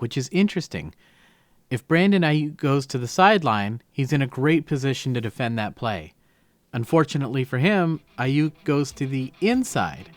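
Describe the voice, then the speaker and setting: A man breaking down football game film, explaining each play and stressing key words. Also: medium pitch.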